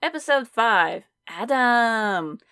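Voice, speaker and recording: A woman's voice: on the high side, expressive, slow pace, sharp tone, clear, resonant tone, dry recording, studio quality. A woman co-hosting a podcast in casual chat, laid-back, finishing her co-host's sentences and swearing casually. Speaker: podcast co-host.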